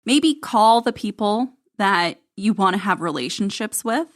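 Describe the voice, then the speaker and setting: A woman's voice: medium pitch, lively intonation, unhurried. A woman co-hosting a podcast, recapping a reality show in casual, snarky banter. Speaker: podcast co-host.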